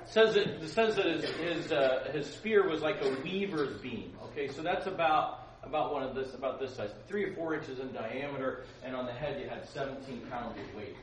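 A man's voice: mid-range voice, normal speed, few pauses. A man teaching a casual Bible lesson to a youth group, joking and asking his listeners questions. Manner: playful, joking asides, asks listeners questions. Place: gym-like hall. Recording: roomy hall, distant mic, faint noise.

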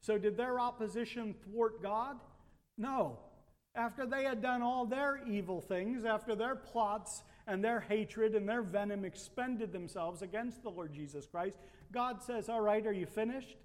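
High-voiced preacher in an echoing hall. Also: male voice, a little slow. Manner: rhetorical questions, rising emphasis. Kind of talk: sermon. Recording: long hall reverb.

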